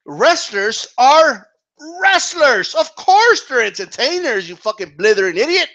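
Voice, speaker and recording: High, bright-voiced man ranting. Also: very animated, unhurried. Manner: exasperated, profane, repeats "okay?" and "right?". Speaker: wrestling commentary vlogger. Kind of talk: ranting opinion monologue.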